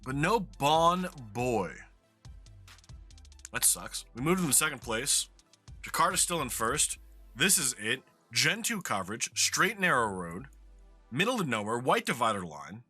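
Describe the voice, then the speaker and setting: A man's voice: medium pitch, big pitch swings, normal speed, bright, forceful tone, slightly rough, faint music behind. A man from New York with a New York accent, chatting casually and swearing now and then while commenting on a geography game he plays. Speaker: streamer playing a geography game.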